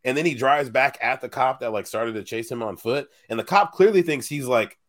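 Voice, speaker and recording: A man's voice: medium pitch, brisk. A man on a casual podcast, telling stories and laughing often. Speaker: podcast co-host. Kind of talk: casual chat.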